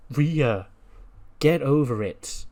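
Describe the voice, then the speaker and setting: A man's voice: mid-range voice, animated, very slow, dark tone. A man voicing a smug, scheming female wrestler who boasts and threatens.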